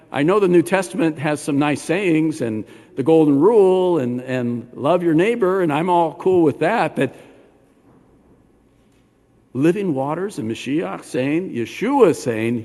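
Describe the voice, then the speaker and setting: An older man, a rabbi preaching a sermon in a synagogue, animated and talking straight to the congregation with questions. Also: a little high. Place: synagogue sanctuary. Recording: long hall reverb.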